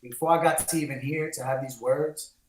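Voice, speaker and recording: A man's voice: mid-range voice, fairly even intonation, fairly quick, slight background noise. A man from the Bronx, co-hosting a candid podcast and speaking in an impassioned, preachy way. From the Bronx, New York. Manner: impassioned, preachy, mixes in Spanish phrases. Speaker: co-host. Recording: roomy echo.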